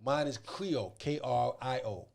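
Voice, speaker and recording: A man's voice: medium pitch, measured pace, creaky. Slangy New man in his forties. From the Bronx, New York. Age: 40s. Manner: loose, slangy, animated storytelling. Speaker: guest. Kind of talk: casual podcast chat.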